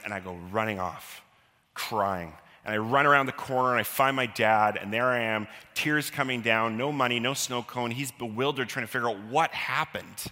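A man telling a personal childhood story live, animated and self-deprecating, acting out the quotes. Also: mid-range voice. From Canada. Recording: long hall reverb.

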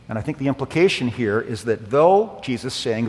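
A man's voice: mid-range voice, very animated, normal speed, hardly any pauses. A man preaching a sermon in a church, earnest, swelling on key phrases. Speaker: pastor. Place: church sanctuary. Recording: long hall reverb.

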